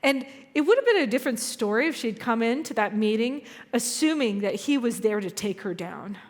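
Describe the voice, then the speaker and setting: A woman's voice: a little high, lively intonation, a little fast. A woman minister giving a conversational sermon, telling stories with a chatty, self-deprecating humor. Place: church sanctuary. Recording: long hall reverb.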